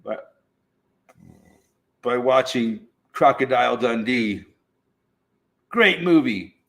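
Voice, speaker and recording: A middle-aged man from the United States runs a rambling, easygoing livestream, peppering it with swearing and frequent laughs while speaking slowly and drawing things out. His medium-pitched voice is expressive, creaky, and a bit bright.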